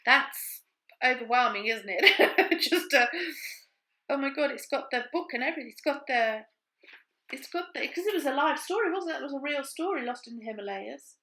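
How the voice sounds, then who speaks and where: Bright-voiced chatty woman crafting. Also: sits high, animated, moderate pace, low-quality recording. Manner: chatty, thinks aloud as she works. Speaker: craft vlogger. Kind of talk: casual chat while crafting.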